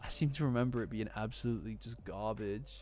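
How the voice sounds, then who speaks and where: A man's voice: on the low side, fast, darkish tone. A man from Nottingham with a Nottingham accent, chatting casually on a live stream and reading to his chat, rambling and easily distracted, poking fun at himself. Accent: Nottingham English. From Nottingham, England. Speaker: streamer reacting to a manga chapter with chat. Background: faint lofi background music.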